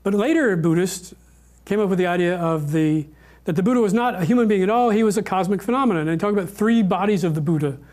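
High-voiced male lecturer, informal. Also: fast, darkish tone. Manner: hesitant, with many fillers and restarts.

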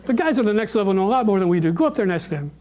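A man's voice: high-pitched, sing-song, rapid-fire, a little mellow. A man doing shrugging lesser gods. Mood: deferring. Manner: casual, shrugging. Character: group of modest lesser male gods, deferring upward.

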